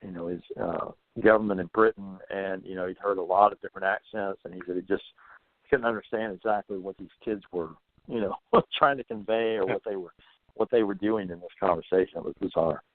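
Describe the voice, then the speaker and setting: Low-voiced man on a phone-like line. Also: fairly even intonation, a little fast, no echo. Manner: thoughtful, stumbles and repeats words. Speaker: guest author on paranormal folklore. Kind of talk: casual podcast interview.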